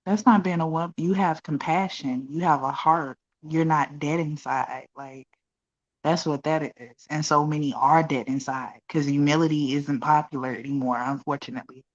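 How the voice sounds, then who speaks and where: Low-voiced woman on dull lo-fi audio. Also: steady tone, normal speed. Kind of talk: casual livestream chat.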